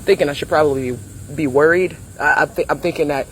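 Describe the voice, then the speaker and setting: A man's voice: fairly high pitch, fast, a little hiss or hum, poor audio. A man, a parent, telling a story dryly and stammering a little. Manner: dry, stammers when unsure. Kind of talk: casual storytelling.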